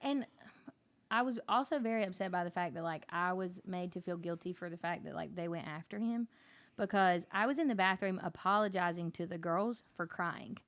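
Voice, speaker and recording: A woman's voice: fairly low pitch, a little fast. A woman guest on a podcast, chatting and telling stories in a rambling, filler-heavy way. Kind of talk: casual chat.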